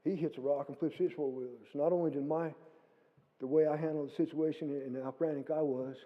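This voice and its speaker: A middle-aged man tells a church testimony with a fairly high voice, acting out his own words as he goes. The sound is narrow and phone-like, with long reverb from the church hall. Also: a little fast. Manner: animated storytelling, acting out his own quotes. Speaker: guest speaker.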